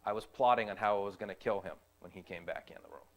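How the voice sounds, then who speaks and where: A young man with a fairly low voice gives a personal testimony as a youth ministry volunteer. He speaks earnestly but haltingly, often repeating his phrases.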